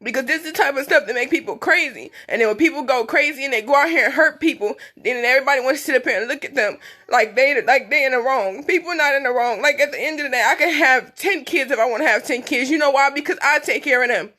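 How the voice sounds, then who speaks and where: A young woman in her twenties speaks on a phone livestream in a high, quick, pushed and bright voice. In this emotional personal monologue she is blunt, emphatic and repetitive, talking through tears.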